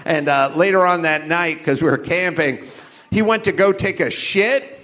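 A middle-aged man with a high, bright voice rambles through crude stand-up stories. He laughs at his own jokes and tells them with a deadpan edge. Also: normal speed. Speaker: comedian. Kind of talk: loose stand-up storytelling.

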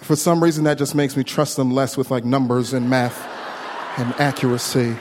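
A man doing a stand-up comedy set, telling a story with lively put-on voices. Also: mid-range voice, measured pace, pauses often, a crowd in the background. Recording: live room with long reverb and faint noise.

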